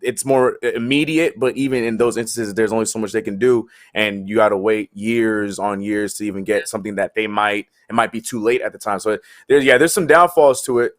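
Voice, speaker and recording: A man's voice: fairly low pitch, fairly quick, hardly any pauses, no echo, clean studio sound. A man co-hosting a sports talk show, speaking hesitantly and using a lot of fillers. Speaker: podcast co-host. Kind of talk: casual sports chat.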